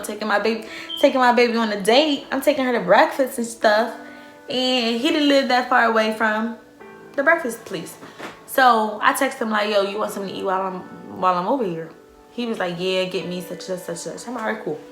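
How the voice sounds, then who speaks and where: A young woman telling a profane storytime, acting out quoted dialogue with loud outbursts. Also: medium pitch. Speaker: vlogger. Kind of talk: storytime vlog. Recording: echoey room with faint music.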